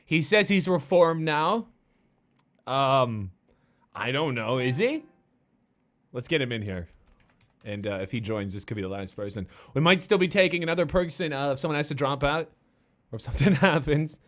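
Streamer guy running a tournament, chatty and wry, bright voice that jumps around a lot. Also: mid-range voice, lively intonation, moderate pace, pauses often. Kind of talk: live stream commentary.

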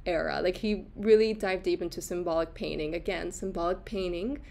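A woman's voice: lowish voice, fairly quick, creaky, darkish tone, a little hiss or hum. A woman hosting a casual livestream lecture on art, chatty, with frequent laughs and fillers, answering viewer comments as she goes. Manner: chatty, laughs often, many fillers and restarts. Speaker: host giving an art lecture.

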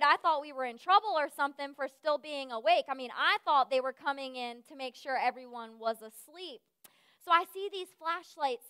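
A woman giving a sermon, telling a lively personal story and acting out the voices of the people in it. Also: sits high, no room sound, studio quality. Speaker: speaker at a church service.

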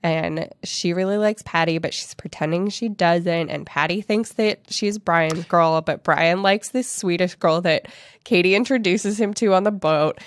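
A woman co-hosting a podcast, talking fast and laughing often as she retells a book in casual chat. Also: lowish voice, no echo. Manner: quick, laughing, animated retelling. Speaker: podcast co-host.

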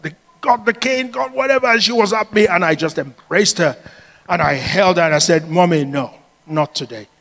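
A man preaching a sermon, telling personal stories in a lively way and laughing often. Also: high-pitched, fairly quick, vocal fry. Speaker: pastor. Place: large church hall. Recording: long reverb of a church hall.

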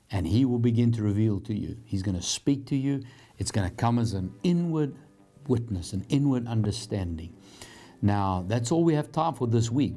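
A man's voice: medium pitch, warm tone. A man hosting a televised Bible teaching program, preaching in an earnest, encouraging, conversational way.

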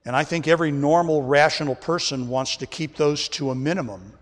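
A male pastor delivers an emphatic sermon in a slightly high voice. He keeps turning to the congregation as folks. The sound carries a long church-hall reverb. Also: a little fast. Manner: emphatic preaching, often addressing the congregation as folks. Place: church sanctuary.

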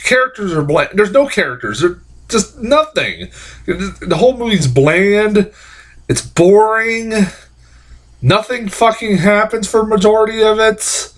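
A man's voice: high-pitched, expressive, moderate pace. Profane rambling man ranting about a film. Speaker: film reviewer. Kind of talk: casual rant review.

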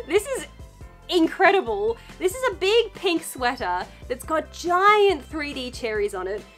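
Bubbly and playful, a young fashion vlogger with an Australian accent chats her way through a thrift haul, gushing over the clothes. Her voice sits high, with a fairly bright tone.

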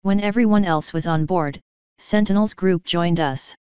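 Woman, story reader, steady first-person narration, dry close sound, slightly dull recording. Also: on the low side, moderate pace, clean tone, no echo. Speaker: fanfiction reader. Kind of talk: reading a story aloud.

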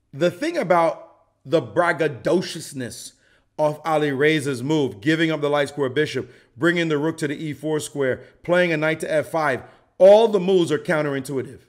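Brief: middle-aged man, slightly higher voice, jokey chess teacher with lots of energy, acts out the players' reactions. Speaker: chess commentator. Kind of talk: animated chess lesson.

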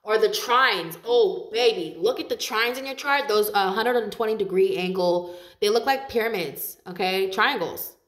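A woman's voice: medium pitch, moderate pace, fairly bright tone, echoey room. A woman giving a casual tarot reading, talking in a chatty, loose way, swearing freely and laughing often. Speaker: tarot reader.

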